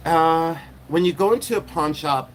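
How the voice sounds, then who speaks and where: A man's voice: fairly high pitch, normal speed, slight background noise. A middle-aged man hosting a casual live stream, rambling with many ums and turning sassy and catty when riled.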